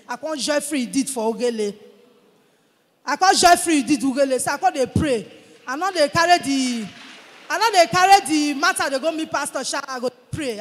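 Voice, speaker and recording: Woman telling her testimony in Nigerian Pidgin. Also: high-pitched. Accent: Nigerian Pidgin English. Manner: animated storytelling, acting out what others said. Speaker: church member giving a testimony. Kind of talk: testimony in church. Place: large church hall. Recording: long church-hall reverb.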